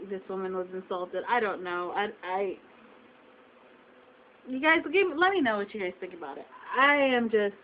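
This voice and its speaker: A woman's voice: medium pitch, big pitch swings, normal speed, pauses often, slight background noise. Upset woman venting to her webcam. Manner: upset, repetitive, rhetorical questions. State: close to tears. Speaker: vlogger. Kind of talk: emotional venting to camera. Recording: dull lo-fi webcam audio.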